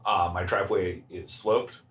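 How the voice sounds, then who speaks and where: Man, podcast co-host, casual halting storytelling, bright voice, echoey room. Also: sits low, steady tone. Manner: telling a long anecdote, halting with fillers.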